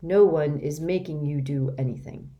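A woman reading the part of a kindly, wise older man who speaks gently and formally. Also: low-pitched, normal speed, muffled recording, close to an everyday voice. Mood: gentle.

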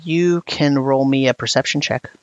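A woman's voice: rumbling low, normal speed, dry recording, highs cut off. A woman narrating a tabletop role-playing game as game master, describing scenes at length and laughing often.

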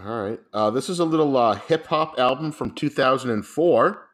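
A man's voice: mid-range voice, normal speed. Laid-back cursing podcast co-host man. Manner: profane, laid-back, joking. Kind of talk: casual chat, movie quote game.

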